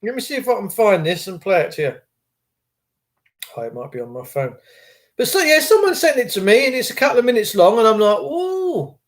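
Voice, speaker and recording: Middle-aged podcaster, high voice, animated, blunt, swears freely. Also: male voice, a little fast. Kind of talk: ranting monologue.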